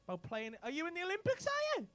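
A man's voice: very high-pitched, huge pitch swings, fast, fairly bright tone. A man doing cheeky, sweary crowd work as a stand-up comedian in a comedy club. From England. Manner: cheeky, sweary banter with the audience. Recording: live club recording with crowd noise.

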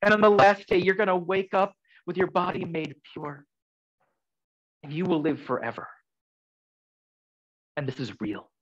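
A man preaching a sermon in an earnest, conversational way, swinging from loud emphasis to soft, quiet lines. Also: a little high, muffled recording. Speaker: pastor.

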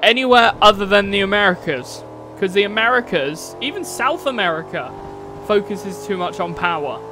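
A man's voice: sits high, animated, moderate pace. A man live-streaming a racing game, chatting in a rambling, casual way and swearing now and then. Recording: game car sounds loud behind voice. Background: racing game engine noise.

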